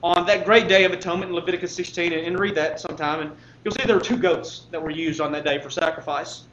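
A man's voice: fairly high pitch, steady tone, quick pace, a bit bright, highs cut off, a little hiss or hum. A man preaching a sermon, building with repetition into fervent, impassioned appeals.

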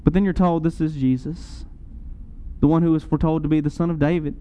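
Male preacher, high mellow voice, earnest sermon delivery with emphatic surges. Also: level tone, fairly quick, smooth, rough recording. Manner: earnest, rising to emphatic peaks.

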